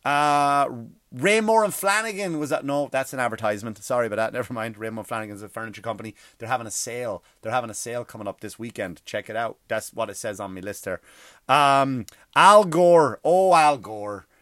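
A man with a mid-range voice ranting for comedy, swearing freely and cutting himself off mid-sentence. He often jumps into loud outbursts. The sound is dry and close, with almost no room. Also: medium pitch, fast, dry recording. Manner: profane, self-interrupting, with sudden loud outbursts. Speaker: podcast host. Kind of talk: comedic rant.

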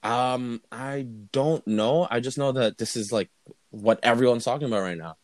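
A man's voice: medium pitch, moderate pace, dry recording. A young man co-hosting a casual podcast, talking in loose, profane, joking rants. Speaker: podcast co-host. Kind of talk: casual crude podcast chat.

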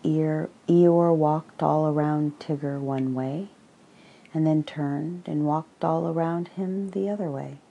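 A woman reading a children's storybook aloud in a slow, gentle way. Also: sits low, fairly even intonation, gravelly, slightly rough, lo-fi sound.

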